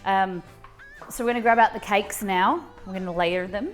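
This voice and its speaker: A woman's voice: medium pitch, normal speed, soft background music. A woman hosting a live cooking stream from her kitchen. She chats casually and rambles, with lots of fillers and restarts. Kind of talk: casual chat while cooking. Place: home kitchen.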